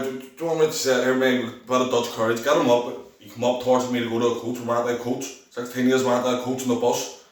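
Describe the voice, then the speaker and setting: A man's voice: medium pitch, heavy reverb, far from the mic, low-quality recording. A man with a Belfast accent telling his personal testimony in a rambling way, restarting often and acting out the voices of the people he quotes. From Northern Ireland. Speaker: testimony speaker.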